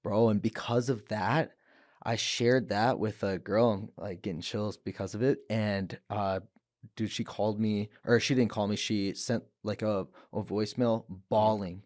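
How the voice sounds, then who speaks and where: A man's voice: fairly low pitch, steady tone, measured pace, darkish tone, no echo, clean studio sound. A young man telling his story as a podcast guest, earnest, with restarts and quoted words. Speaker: guest, professional fighter. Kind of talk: emotional personal testimony. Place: podcast studio.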